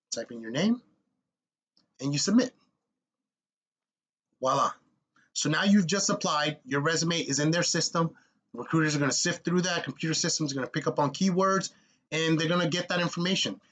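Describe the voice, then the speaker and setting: A young man giving blunt, energetic step-by-step advice as he walks viewers through an online job application. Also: a little high. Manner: blunt, energetic, coach-like, addresses viewers as guys. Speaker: military contracting advice vlogger. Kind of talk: casual screen-walkthrough tutorial.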